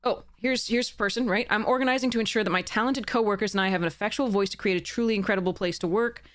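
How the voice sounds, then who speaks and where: A woman's voice: mid-range voice, fast talker. A woman streamer reading a letter aloud and picking it apart in casual, heated commentary, sarcastic and swearing at times.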